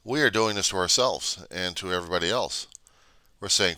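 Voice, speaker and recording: A man's voice: deep voice, a little fast, pushed and bright, no room sound. A man delivering an angry, blunt, profanity-laden vlog rant. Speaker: vlogger. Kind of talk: angry ranting monologue.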